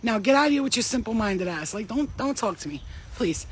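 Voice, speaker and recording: A woman's voice: a little high, lively intonation, a little fast, slightly rough. A woman talking to her viewers in a casual spiritual pep talk, blunt, fired-up and full of profanity and slang, while outdoors walking her dog. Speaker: spiritual reader.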